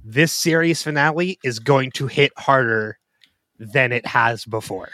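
A man co-hosting a podcast, talking through a TV episode in casual chat, openly emotional and quick to restart his sentences. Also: medium pitch, pushed and bright, no echo. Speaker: podcast co-host. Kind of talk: casual TV show discussion.

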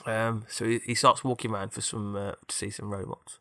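A man's voice: lowish voice, level tone, brisk, bright, forceful tone, no room sound, clean studio sound. A man casually improvising a story, rambling with fillers and tag questions.

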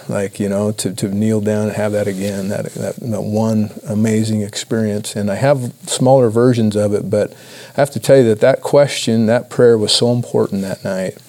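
Halting earnest man, low gravelly voice. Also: fairly even intonation, dark tone. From Idaho, USA. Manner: earnest, halting, many restarts. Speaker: church speaker. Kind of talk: personal testimony talk.

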